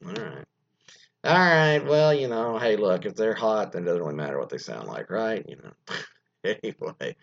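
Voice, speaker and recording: A man's voice: on the low side, very animated, normal speed, gravelly. A man hosting a radio show in casual solo talk, rambling with many fillers and salty asides. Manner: rambling, loses his thread, lots of fillers and asides; mocking, profane asides. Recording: dull lo-fi sound.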